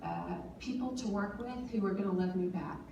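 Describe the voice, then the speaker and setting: A woman's voice: medium pitch, normal speed, vocal fry, muffled recording. A woman in her forties giving an earnest personal speech at a forum, talking with many fillers and restarts. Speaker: panel speaker. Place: large conference hall. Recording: distant mic in an echoey hall with noise.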